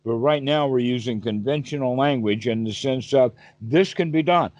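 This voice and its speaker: A man's voice: medium pitch, moderate pace, a little mellow, no echo, highs cut off. A man teaching meditation over a call, asking his listener questions and giving vivid everyday examples. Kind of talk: Dhamma talk on a call.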